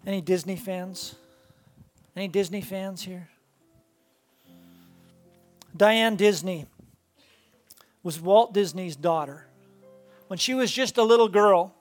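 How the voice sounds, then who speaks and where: A woman pastor preaching a sermon to a congregation in a church, earnest and building with rhythmic repetition. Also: medium pitch. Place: church sanctuary before a congregation.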